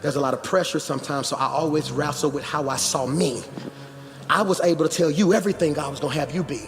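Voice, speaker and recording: Music plays behind a high-voiced pastor preaching in a spacious, reverberant church hall. He keeps a quick pace, his sermon growing from casual talk into shouting.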